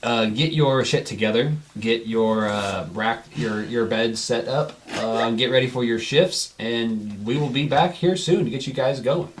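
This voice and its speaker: A man's voice: mid-range voice, a little slow, few pauses, a little hiss or hum, natural voice. A man voicing a brusque, nervous female prison guard officer who gives curt, bossy orders.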